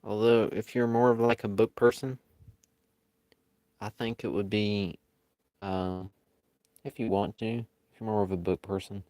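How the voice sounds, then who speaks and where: A man with a fairly low voice chats with viewers as he draws. He talks in an unhurried, easygoing way that often rambles. The sound is dry, with almost no room echo. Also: little pitch movement, a little mellow. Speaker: live-stream artist. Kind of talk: casual chat while drawing.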